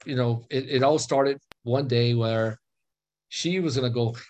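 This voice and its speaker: A man's voice: mid-range voice, a little slow. A man casually telling a personal story on a video call, acting out the dialogue and laughing often. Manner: animated, acts out quoted dialogue, laughs often.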